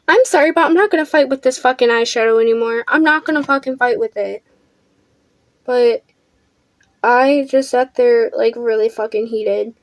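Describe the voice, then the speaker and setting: Teen girl, high voice, brash profane storyteller, makeup vlog. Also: moderate pace. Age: teens. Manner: blunt, profane, defiant. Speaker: vlogger. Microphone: camera under a ring light.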